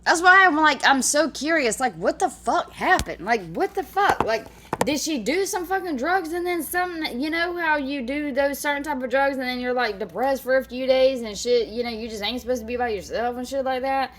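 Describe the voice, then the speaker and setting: A woman's voice: high-pitched, moderate pace, a bit bright. A woman giving casual reaction commentary on a clip, blunt and heated, swearing freely.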